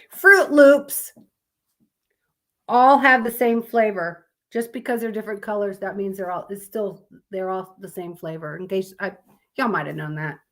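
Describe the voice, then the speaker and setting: Sleepy, slow-talking woman streamer. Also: mid-range voice, fairly bright tone. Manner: rambling, chatty, addresses viewers as y'all. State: sleepy, yawning. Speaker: live streamer. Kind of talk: casual live stream chat reading fun facts.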